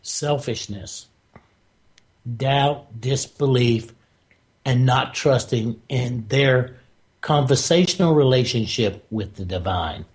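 A man's voice: mid-range voice, slow pace. A man speaking as a guest on a radio show, talking about spirituality in a punchy, preacherly way. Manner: emphatic, preacherly, punchy phrasing. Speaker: guest author. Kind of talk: spiritual talk radio interview.

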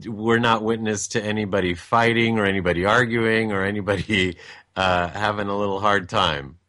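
Lowish, steady, and sharp in tone, this male talk show host from the US West Coast conducts a casual interview. His speech stumbles with restarts and fillers, and he laughs along with the guest.

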